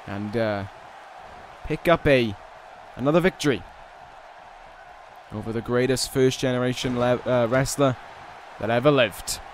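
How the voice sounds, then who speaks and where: A man giving play-by-play commentary over a wrestling video game, with casual, rambling asides and restarts, and excited calls on big moves. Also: medium pitch, unhurried, pauses often, some chatter behind, slight background noise. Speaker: gaming video host.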